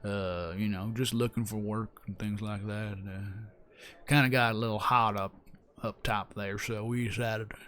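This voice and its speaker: A man voicing a gruff, folksy male bear-man traveler in a tabletop game, drawling and rambling. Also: medium pitch, a bit bright, natural voice.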